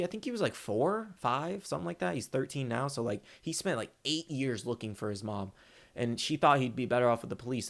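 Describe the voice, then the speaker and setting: A young man giving a casual, rambling movie review, excitable and full of fillers. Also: mid-range voice, gravelly.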